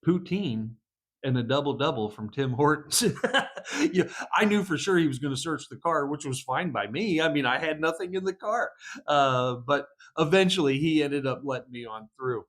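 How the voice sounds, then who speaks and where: A man from the United States, a police psychologist, telling stories in a casual vlog, animated and laughing often. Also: a little high, normal speed.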